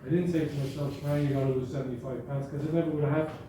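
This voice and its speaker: Speaking very fast with fairly even intonation, this man has a fairly high voice. He is a guest speaker giving a conversational, anecdotal talk to an audience in a school gathering hall, frequently fixing his words mid-sentence. The recording is echoey and distant, with faint noise behind him.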